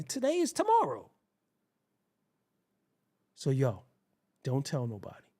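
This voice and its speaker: A man hosting his own show, telling a rambling, profane story in a casual, animated way. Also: on the high side. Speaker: host.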